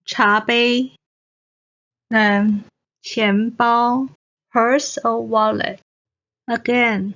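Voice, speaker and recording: Slow, deliberate woman teaching pronunciation. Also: fairly high pitch, level tone, a bit bright. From Taiwan. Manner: repeats each word twice, carefully enunciated. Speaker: Mandarin teacher. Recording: dull, muffled lo-fi recording.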